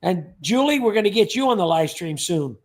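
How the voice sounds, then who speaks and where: A man with a rather high voice and a gravelly, creaky edge hosts a casual livestream. He rambles from one viewer comment to the next, joking along the way and thanking each person by name. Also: sing-song, brisk.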